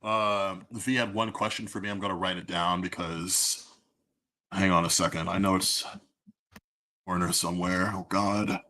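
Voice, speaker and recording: A man co-hosting a casual music review chat, telling stories in an animated, profane way with frequent laughs. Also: deep voice, moderate pace, dry recording. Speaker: podcast co-host.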